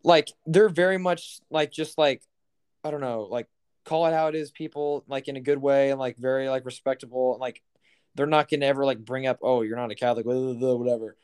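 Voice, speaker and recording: A man's voice: medium pitch, steady tone, fairly quick, darkish tone, clear, resonant tone. A young man co-hosting a podcast in casual chat, rambling with lots of fillers and profanity. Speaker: podcast co-host.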